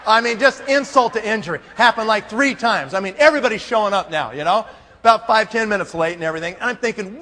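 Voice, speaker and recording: Animated, high-voiced storytelling man. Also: fast talker. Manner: animated, acts out every character. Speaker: conference speaker. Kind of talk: comic storytelling. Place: large conference hall. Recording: long hall reverb.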